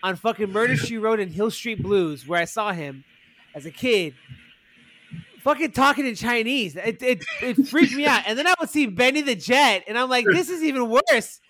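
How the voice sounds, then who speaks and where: A man co-hosting a podcast in casual chat, excitable and rambling, swearing often. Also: very high voice, moderate pace, no room sound. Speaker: podcast co-host.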